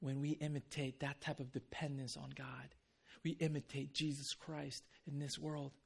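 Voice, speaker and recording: A man preaching a conversational sermon as pastor. He tells stories with energy and drops to a soft, quiet voice for reflective points. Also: mid-range voice, normal speed, gravelly, slightly rough. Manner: conversational, animated when telling stories.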